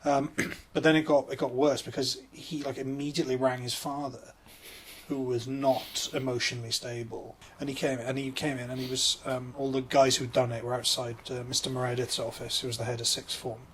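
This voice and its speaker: A man's voice: mid-range voice, flat delivery, a little fast, fairly bright tone, a little hiss or hum. A man co-hosting a comedy podcast, telling a rambling anecdote full of fillers in casual chat. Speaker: podcast co-host.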